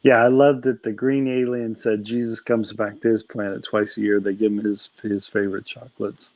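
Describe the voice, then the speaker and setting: A man's voice: on the low side, flat delivery, moderate pace, darkish tone, rough recording. A man chatting casually at home, rambling and retelling comedy bits while laughing at his own jokes. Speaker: conversation partner. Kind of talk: casual chat.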